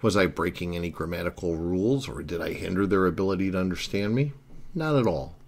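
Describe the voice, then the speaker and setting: Low-voiced man explaining Italian grammar. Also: a little fast, gravelly. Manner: earnest, explains step by step. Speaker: Italian language teacher. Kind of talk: explanatory lesson narration.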